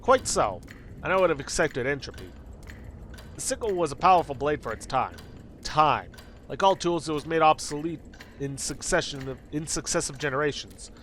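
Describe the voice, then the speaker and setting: A man's voice: a little high, animated, moderate pace, a bit bright, a little hiss or hum. A man voicing an ancient male personification of time, speaking in a grandiose, formal manner. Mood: solemn.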